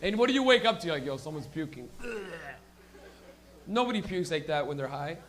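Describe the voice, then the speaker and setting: A man's voice: a little high, lively intonation, a little fast, a bit bright. A young man hosting a stand-up comedy show, rambling and giggling through stoned banter with a live crowd. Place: small comedy stage with live audience.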